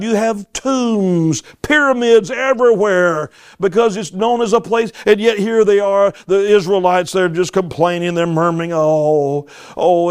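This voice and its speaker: A man preaching a sermon, reading scripture and exhorting his listeners. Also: high-pitched. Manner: emphatic, exhorting, with repeated interjections to the audience.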